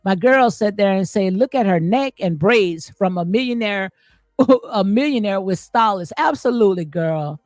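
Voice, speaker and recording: A woman's voice: mid-range voice, animated, normal speed, a little mellow, no echo. Emphatic woman host with a dry close sound. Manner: emphatic, repeats phrases, frequent "okay?" and "absolutely". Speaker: commentary channel host reading live chat. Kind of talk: casual reality-show commentary.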